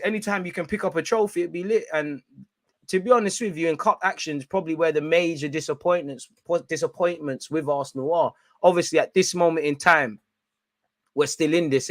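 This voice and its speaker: A young man giving excitable, slang-filled banter on a live football watch-along stream. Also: fairly high pitch, no room sound.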